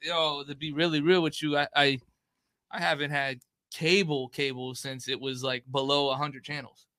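A young man in relaxed podcast chat, his voice slightly high and bright with a forward edge. He rambles in loose, profane slang, and the sound is dry and close with no room around it. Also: normal speed, no echo. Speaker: podcast co-host. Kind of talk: casual chat.

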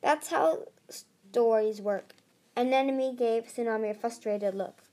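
A woman's voice: on the high side, a little mellow. Woman reading a storybook aloud. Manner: reads with small slips and restarts. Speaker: audiobook reader. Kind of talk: storybook narration.

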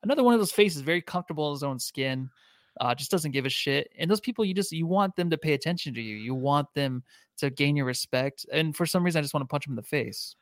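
A man co-hosts a casual sports podcast in a somewhat high voice. He talks in a laid-back way, full of "uh" and quick agreement, and sounds close and dry. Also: expressive, dry recording. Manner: laid-back, with frequent fillers and agreeable interjections. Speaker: podcast co-host.

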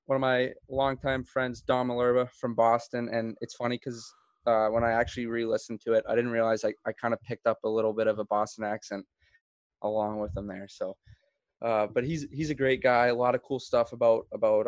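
A man's voice: medium pitch, no echo. A man hosts a podcast in loose, easygoing chat. His mid-range voice wanders through fillers and restarts. The sound is dry and close, with no room around it. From Florida. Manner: relaxed, rambling, many fillers and restarts. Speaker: podcast host. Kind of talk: casual chat.

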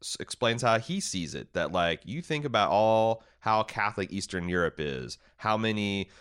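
Deep-voiced man recapping a TV show. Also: expressive, moderate pace, fairly bright tone, clear, resonant tone. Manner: rambling, paraphrases characters with many fillers. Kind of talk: casual TV recap discussion.

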